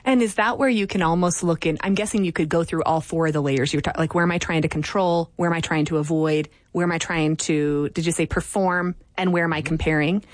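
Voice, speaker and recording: A woman with a fairly low voice hosts an interview. She asks follow-up questions and sums up her guest's points. The recording is dry and close. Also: steady tone, a little fast, few pauses, no room sound. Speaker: host. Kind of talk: conversational interview.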